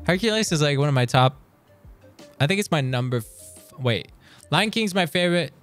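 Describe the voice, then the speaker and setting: A male streamer talks his way through a quiz on stream, his fairly high voice swinging widely up and down. He gets excited, swears freely, and reads lyrics out as he thinks, with soft music in the background. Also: normal speed. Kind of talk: casual chat during a quiz on stream.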